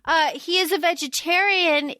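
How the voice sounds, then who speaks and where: Bright-voiced animated young woman. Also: extremely high pitch, moderate pace, no room sound, clean studio sound. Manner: animated, laughing, acts out quotes. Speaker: podcast co-host. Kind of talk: casual chat recapping a movie.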